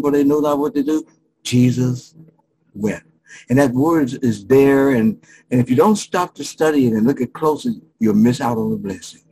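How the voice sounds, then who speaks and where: A middle-aged male pastor preaching a sermon, emphatic, with dramatic pauses and frequent restarts. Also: mid-range voice, a little mellow, slight background noise, low-quality recording.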